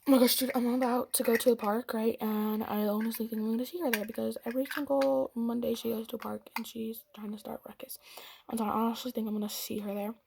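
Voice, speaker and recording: A woman's voice: fairly high pitch, little pitch movement, fast talker, creaky, darkish tone, a little hiss or hum. A young woman telling a dramatic storytime about a fight, with whispered asides and acted quotes. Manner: dramatic retelling, whispering asides, quoting in voices. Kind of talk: storytime vlog.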